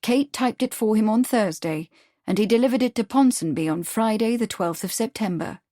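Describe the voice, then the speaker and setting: A woman narrating an audiobook in a steady, even storytelling manner. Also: fairly high pitch, normal speed, no room sound, clean studio sound. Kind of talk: scripted narration.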